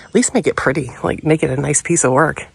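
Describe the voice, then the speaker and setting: A woman's voice: low voice, quick pace, creaky. A woman vlogging casually on a hike, chatty and out of breath. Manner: chatty, laughs often. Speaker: car camping vlogger. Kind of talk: casual vlog narration. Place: outdoors on a hiking trail. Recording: outdoor ambience, loud background noise. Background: loud outdoor and vehicle noise.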